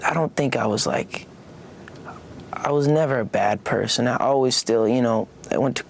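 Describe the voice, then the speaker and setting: Young male guest, gravelly, laid-back, halting, faint hiss behind. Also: medium pitch. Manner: relaxed, halting, lots of fillers and restarts. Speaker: interview guest. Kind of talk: casual interview chat.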